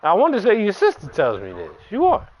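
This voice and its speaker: Blunt, animated man telling a story. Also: high voice, quick pace, low-quality recording. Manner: blunt, profane, animated retelling. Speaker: gaming streamer. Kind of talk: casual storytelling while playing.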